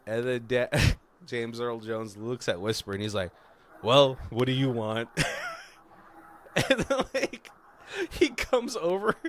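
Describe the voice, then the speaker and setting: A man's voice: medium pitch, lively intonation, a bit bright. Laid-back man recapping a movie. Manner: loose, laughing retelling with quick quoted voices. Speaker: podcast co-host.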